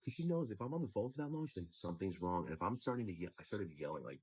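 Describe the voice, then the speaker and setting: A man with a very deep, husky voice recounts a dispute in an exasperated rant. He slips into acted-out quotes of what was said to him. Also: big pitch swings, fast, a little mellow, low-quality recording. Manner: exasperated, acts out quoted lines. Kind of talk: storytelling rant.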